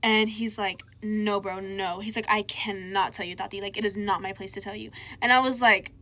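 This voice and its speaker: A woman's voice: mid-range voice, steady tone, normal speed, bright, forceful tone. A young woman casually telling a dramatic personal story, chatty and full of slang.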